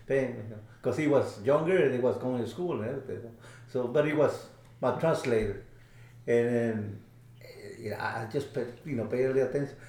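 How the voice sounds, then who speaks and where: A man whose first language is Spanish tells stories in English, pausing and restarting as he searches for words. His voice is mid-pitched. It rings in a roomy space. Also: mellow. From Mexico. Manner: halting, many fillers and restarts. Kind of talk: casual storytelling.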